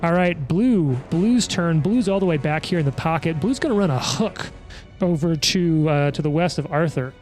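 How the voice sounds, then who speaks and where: A man running a tabletop game as game master, calling attacks and damage in a quick, auctioneer-like play-by-play. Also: a little high, expressive, a little mellow, faint music behind.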